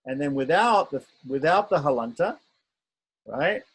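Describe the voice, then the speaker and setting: A man with a somewhat high, husky voice walks learners through an alphabet one letter at a time. He speaks patiently, sounds each letter out again and again, and keeps checking they follow. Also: lively intonation, unhurried, poor audio. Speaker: teacher. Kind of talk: online script lesson.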